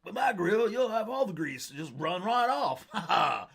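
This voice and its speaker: A man's voice: high-pitched, big pitch swings, normal speed, gravelly, fairly bright tone, breathy edge, pitched above the performer's own voice, full character voice. A man putting on the voice of an older male boxer selling his grill, with folksy salesman patter. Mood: salesy.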